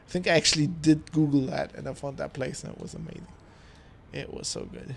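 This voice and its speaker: Male streamer, tipsy, loose chatty rambling, swears a lot, slightly high voice. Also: a little fast, vocal fry, slight background noise. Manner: rambling, laughs often, swears. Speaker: live streamer. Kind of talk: casual chat.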